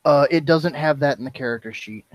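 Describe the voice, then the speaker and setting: A man's voice: on the high side, a little fast, dry recording, lo-fi sound. A young man playing a tabletop game, hesitant at first, then describing his moves vividly. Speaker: player.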